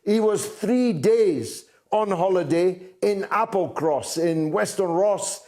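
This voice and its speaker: A man hosting a talk show, delivering a political monologue in a fairly high voice. He speaks slowly and deliberately, leaning hard on key words and pausing often with "uh" as he builds his points. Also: darkish tone. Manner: deliberate, emphatic, with frequent "uh" pauses.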